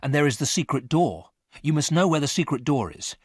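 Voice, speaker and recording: A man's voice: a little high, animated, fairly quick, breathy edge, no room sound, studio quality, voice pushed up. A man reading aloud, voicing an earnest male safecracker who explains a heist plan step by step. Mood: instructive.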